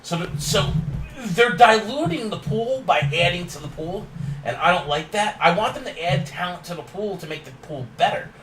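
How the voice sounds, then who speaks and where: A fairly high-voiced man talks through a wrestling recap, opinionated and quick to rant, laughing as he goes. He sits back from the mic in an echoey room. A faint hum runs behind him. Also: animated, a bit bright, recorded from a distance. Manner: opinionated, ranting, laughs often. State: yawning and tired. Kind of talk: casual recap monologue.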